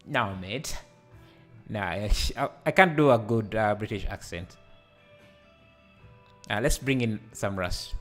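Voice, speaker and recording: A man hosting a live software tutorial, hesitant and full of fillers, laughing easily as he reads the chat. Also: fairly low pitch, lively intonation, unhurried, long pauses, soft background music. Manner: hesitant, many fillers and restarts. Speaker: livestreaming 3D tutor. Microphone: headset.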